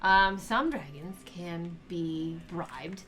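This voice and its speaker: A woman's voice: lowish voice, extremely slow, pitched below the performer's own voice. A woman playing Bahamut, old dragon god. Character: old male dragon god, hardened but encouraging. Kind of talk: playing a character in a tabletop game.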